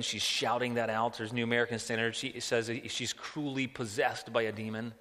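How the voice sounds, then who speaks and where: A man preaching a sermon in an animated way, asking rhetorical questions and often repeating words. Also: mid-range voice, moderate pace, few pauses. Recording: long hall reverb.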